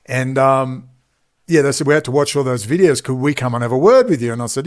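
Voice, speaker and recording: A man's voice: medium pitch, a little fast. A middle-aged man with an Australian accent, telling a long personal story with emphatic asides and frequent digressions. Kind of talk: rambling personal storytelling monologue.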